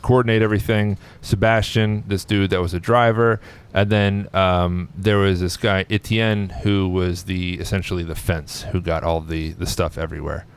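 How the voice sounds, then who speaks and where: A man's voice: low-pitched, level tone, normal speed, hardly any pauses, clean tone. A man co-hosting a podcast, recounting a story in casual chat, rambling with fillers and small laughs. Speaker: podcast co-host.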